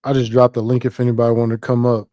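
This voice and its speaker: A man hosting a live stream, talking in a casual, animated, profane and rambling way. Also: medium pitch, fast, dry recording, studio quality. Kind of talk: casual livestream commentary.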